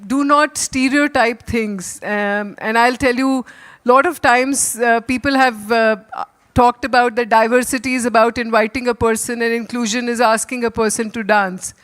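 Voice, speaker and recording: A woman on a panel giving earnest, measured advice with frequent pauses. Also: on the high side, steady tone, a bit bright. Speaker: panel guest, company leader. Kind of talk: panel talk.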